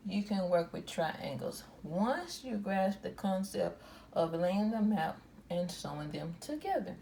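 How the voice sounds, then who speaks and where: A woman talks through her quilting work at a slow, unhurried pace, circling back and repeating herself as she goes. Her tone is casual, like a show-and-tell vlog. Faint room noise sits behind her voice. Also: mid-range voice, vocal fry, a little mellow, low-quality recording. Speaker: quilting channel host.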